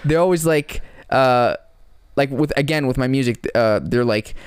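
A man's voice: mid-range voice, normal speed, clean tone, no room sound, studio quality. A young man co-hosting a podcast in casual chat, rambling with many fillers and restarts. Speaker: podcast co-host and musician.

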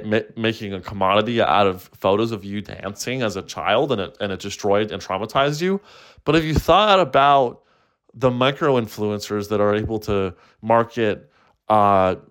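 A man voicing a smarmy male therapist who speaks in a low, hushed, syrupy tone. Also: natural voice. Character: smarmy male therapist, soft and self-promoting.

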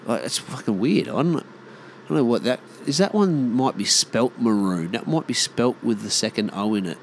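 A man's voice: mid-range voice, lively intonation, moderate pace, slight background noise. A man in his thirties with an Australian accent, rambling casually on his own and swearing freely. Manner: swears freely, mimics mates in exaggerated voices. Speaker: vlogger.

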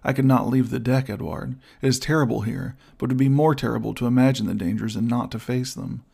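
A man reading the lines of a gentle, earnest young high-born woman in a storybook. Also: fast talker, gravelly, breathy edge.

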